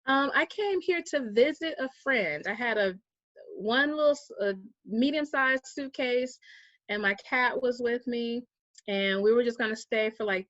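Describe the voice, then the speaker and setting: A woman guest recounts a personal story in a relaxed interview. She speaks in an animated way and slips into the voices of the people she quotes. The recording is dry and a little muffled. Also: on the high side, dry recording. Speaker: guest, vegan activist.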